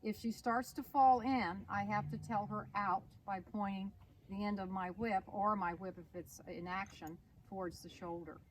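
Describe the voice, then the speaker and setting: A woman's voice: medium pitch, steady tone, normal speed, distant mic. A woman riding instructor giving a practical demonstration, explaining steps and giving short firm commands to a horse. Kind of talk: outdoor horse-training demonstration. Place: outdoors in a horse arena. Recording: noisy outdoor recording with horse sounds.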